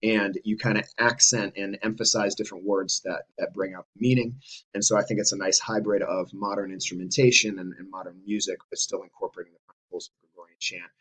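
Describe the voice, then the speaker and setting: A man's voice: on the low side, steady tone, quick pace, a bit bright, poor audio. Casual man explaining church music. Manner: talks loosely with fillers, breaks into chanting. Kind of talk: casual explanation with sung examples. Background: guitar playing.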